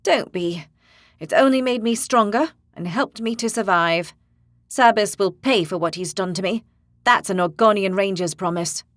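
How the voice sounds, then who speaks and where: A woman narrator voicing a determined young woman warrior in an audiobook, speaking with forceful confidence. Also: mid-range voice, normal speed, dry recording, close to an everyday voice. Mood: defiant. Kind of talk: audiobook character voice.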